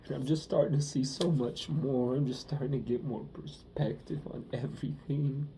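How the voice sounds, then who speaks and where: A young man talking through his feelings in a personal monologue, halting and rambling, with many fillers. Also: mid-range voice, fairly even intonation, vocal fry, warm tone, slight background noise.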